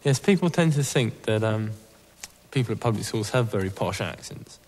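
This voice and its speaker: A man's voice: fairly low pitch, lively intonation, moderate pace, a little mellow, a little hiss or hum. Casual man in reverberant space. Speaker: interviewee. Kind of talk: casual chat.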